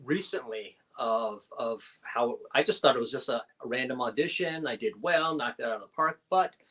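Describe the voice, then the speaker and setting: A middle-aged man, an actor as a guest in a casual interview, telling animated anecdotes with quick laughs. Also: mid-range voice, husky.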